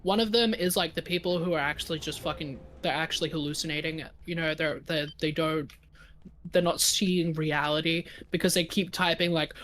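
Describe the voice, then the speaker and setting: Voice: medium pitch, steady tone, fairly quick, fairly bright tone, a little hiss or hum. A guest on a live stream, chatting casually and often repeating the starts of phrases.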